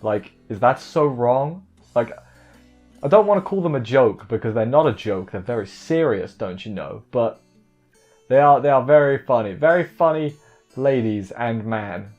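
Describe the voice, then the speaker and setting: A man recapping an anime episode in casual chat, joking and rambling with quick asides. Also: medium pitch, lively intonation, lo-fi sound, faint music behind. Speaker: anime reviewer.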